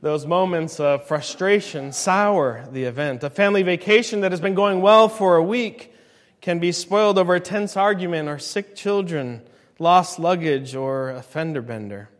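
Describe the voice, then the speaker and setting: A man in his thirties preaching a sermon as a pastor, swinging from quiet, low passages to loud, ringing climaxes. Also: normal speed, long reverb tail.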